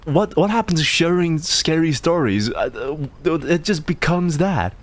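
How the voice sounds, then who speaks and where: A man streaming live, reading viewer submissions, excitable, swearing often and stammering over repeated words. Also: fairly high pitch, unhurried. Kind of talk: casual live-stream chat.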